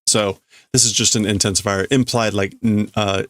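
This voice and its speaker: Hosting a live stream, a man translates a manga while reading it aloud, hesitating and musing as he works through the text. He has a low-leaning voice with fairly flat intonation and a moderate pace.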